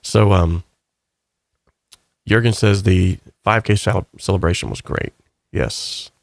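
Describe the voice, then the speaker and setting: A man's voice: low-pitched, slow, creaky, dry recording. A man hosting a casual stream, chatting loosely and reading viewer comments aloud in a rambling, upbeat way. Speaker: channel host.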